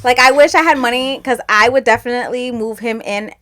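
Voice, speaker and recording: A woman's voice: a little high, brisk, bright, forceful tone. Rambling, giggly woman storyteller. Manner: rambling storyteller, laughs often, acts out relatives' lines. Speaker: podcast co-host. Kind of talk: casual chat.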